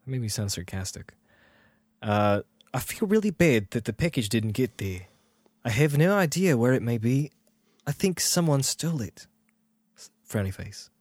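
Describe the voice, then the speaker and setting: A man's voice: mid-range voice, big pitch swings, normal speed, a little mellow, dry recording. A man co-hosting a casual podcast, rambling and self-deprecating, with his voice often trailing off. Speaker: podcast co-host.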